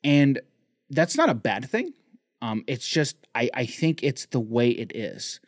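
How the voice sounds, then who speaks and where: A man's voice: medium pitch, very animated, a little slow, dry recording, clean studio sound. A man co-hosting a casual podcast, talking in loose rambling sentences full of restarts and fillers. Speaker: podcast co-host.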